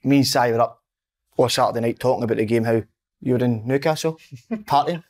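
Fast-talking Scottish podcast host. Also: male voice, medium pitch, a little mellow. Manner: teasing, quick-fire questions. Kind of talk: casual banter, leading segments.

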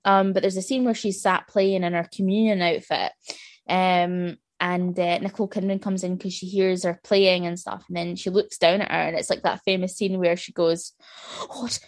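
A woman's voice: on the low side, normal speed, no room sound. Podcast lady rambling through a film plot, acts out the lines, dead dry mic. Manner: rambling, animated retelling with acted-out quotes. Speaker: podcast co-host. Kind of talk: casual chat.

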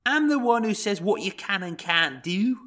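A man voicing an angry, domineering Liverpudlian man who shouts. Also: high voice, lively intonation, normal speed, pitched above the performer's own voice. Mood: angry shouting.

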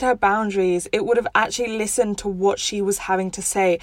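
A woman's voice: medium pitch, fairly even intonation, brisk, no echo. A woman hosting a show, giving relationship advice in a direct, analytical and firm way. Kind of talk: explanatory advice commentary.

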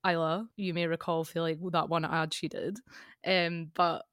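Chatty Scottish woman podcaster, lower voice. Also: flat delivery, a bit bright, clean tone, no echo, clean studio sound. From Scotland. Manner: chatty, laughs often, quick asides. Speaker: podcast co-host. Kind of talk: casual chat.

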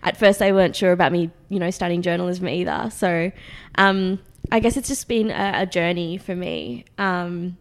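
A woman's voice: lowish voice, normal speed. A woman in her late twenties with an Australian accent, chatting as an interview guest, with frequent ums and light laughter. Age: 20s. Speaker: guest, food magazine founder. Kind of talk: casual interview.

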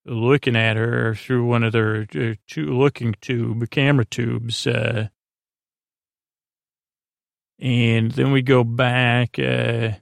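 A man casually recapping a story as a podcast host, halting and rambling with many filler sounds. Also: mid-range voice, little pitch movement, creaky, no room sound, clean studio sound.

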